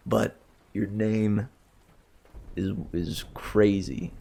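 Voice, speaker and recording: Man, casual rambling talk, amused, unhurried, low-pitched. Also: gravelly, a little mellow. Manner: chatty, self-amused, chuckling, trailing off and restarting. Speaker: audiobook reader.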